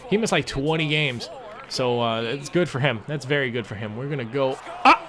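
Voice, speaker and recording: A young man casually commentating his own gameplay, swearing a lot and jumping from low mutters to loud outbursts. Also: normal speed. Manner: excitable, swears often, swings from mumbling to yelling. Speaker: gaming commentator.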